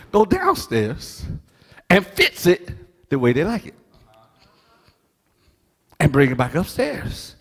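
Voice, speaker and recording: Animated high-voiced preacher, husky, echoing hall. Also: male voice. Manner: animated preaching, swings from hushed to shouting; folksy, joking storytelling. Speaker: pastor. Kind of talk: sermon.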